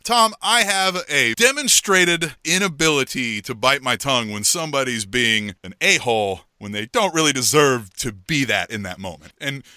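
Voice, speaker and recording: A middle-aged man co-hosting a podcast in casual chat, telling a story in an animated way and acting out what people said. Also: medium pitch, normal speed, hardly any pauses, clean tone, dry recording, clean studio sound. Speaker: podcast co-host.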